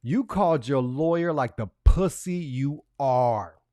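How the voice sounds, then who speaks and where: A man's voice: mid-range voice, animated, a little slow, mellow, no room sound, studio quality. A man hosting a live stream, talking casually and reading messages aloud in a profane, mocking way, laughing between lines. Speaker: livestream host.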